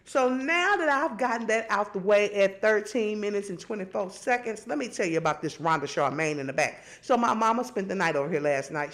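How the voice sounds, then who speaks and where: A middle-aged woman, hosting and telling stories in casual, animated chat. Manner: animated storytelling, swings high and low. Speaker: host.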